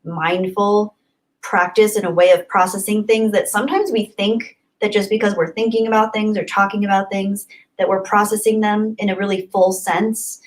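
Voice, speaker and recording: A young woman hosts a casual livestream, reading chat messages in a bubbly, effusive way and laughing often. Her voice is medium-pitched, and the recording is rough.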